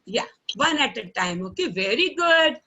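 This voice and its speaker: A middle-aged woman with an Indian English accent teaching children in an online class. She talks slowly and patiently, repeating words for the children to copy and often checking in with a coaxing "okay?". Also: sits high, sing-song, sharp tone, highs cut off. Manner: ends phrases with coaxing "okay?". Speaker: primary school English teacher. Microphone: online call microphone.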